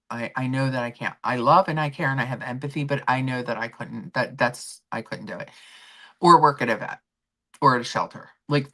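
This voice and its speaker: Low-voiced chatty woman streamer. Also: bright, forceful tone. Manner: chatty, rambling, reads and answers chat comments. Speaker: livestream host. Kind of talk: casual chat with viewers.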